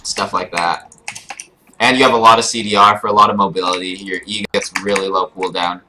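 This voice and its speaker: A man's voice: lowish voice, steady tone, a little fast, noisy background. A young man giving casual live commentary over his own gameplay as a streamer, explaining his choices with frequent fillers. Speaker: gaming streamer. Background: keyboard clicks and typing.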